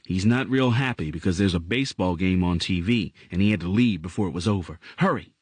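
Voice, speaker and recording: A man reading aloud voices a brisk, practical adult mother who speaks in a hurry. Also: low voice, breathy edge, no room sound. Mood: hurried.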